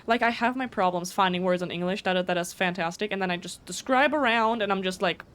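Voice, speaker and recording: A woman whose first language is German, chatting casually on a live stream, talking fast with frequent stutters and restarts. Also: medium pitch, a bit bright, clean tone.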